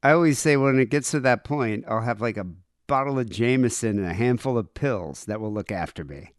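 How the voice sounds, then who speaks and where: A man co-hosting a podcast, chatting in an irreverent, deadpan way. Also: mid-range voice, a little fast, no room sound, studio quality. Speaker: podcast co-host. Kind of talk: crude casual chat.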